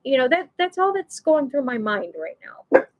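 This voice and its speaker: A woman's voice: sits high, big pitch swings, normal speed, low-quality recording. A woman hosting a live show, telling an emotional personal story in a rambling way, full of restarts and "you know".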